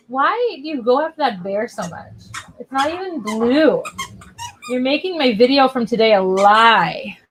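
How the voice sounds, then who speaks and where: A woman's voice: fairly high pitch, a bit bright, slight background noise, poor audio. A woman author chatting casually on a livestream from home, talking to her dog while she waits for viewers.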